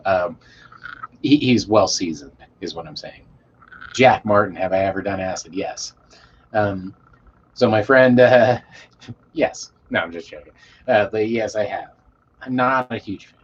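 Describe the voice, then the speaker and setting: A man's voice: lowish voice, a little slow, long pauses, slightly rough. Rambling, cussing man on a dull mic. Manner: loose and rambling, swears a lot, trails off quietly. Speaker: streamer reading chat. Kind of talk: casual storytelling to a live chat. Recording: dull lo-fi mic with faint hiss.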